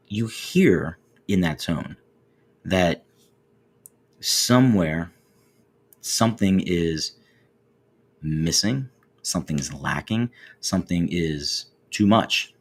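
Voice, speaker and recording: An American man in his forties talks through his thoughts as a show host, loose and conversational, often circling back over words. His voice sits low and deep. It has a husky, slightly rough edge. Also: animated, slow, long pauses. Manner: conversational, repeats words, acts out quoted voices. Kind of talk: reflective monologue.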